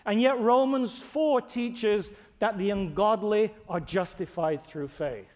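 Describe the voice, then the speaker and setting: Emphatic preacher in a reverberant hall. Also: male voice, sits high, takes it slowly, darkish tone. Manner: emphatic, earnest, builds to raised stresses. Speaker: pastor. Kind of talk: sermon.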